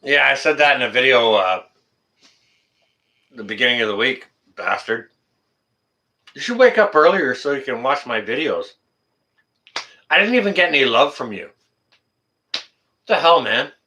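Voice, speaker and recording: A channel host answers his live chat loosely, blunt and jokey, swearing without a second thought. His bright, forceful voice swings widely in pitch with a sing-song lilt, at a moderate pace with frequent pauses.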